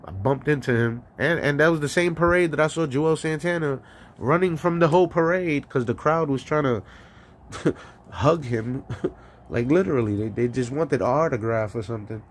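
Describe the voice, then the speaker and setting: Man, New York, mid pitch, ranting monologue, profane, stammering restarts, faint background noise. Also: moderate pace. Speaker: solo live-stream host.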